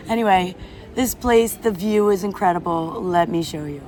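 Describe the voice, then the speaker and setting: With a fairly low, slightly mellow voice at a moderate pace, a woman travel vlogger chats enthusiastically to camera about food and places as she moves through outdoor spots and cafes. Soft music plays, along with street and traffic noise.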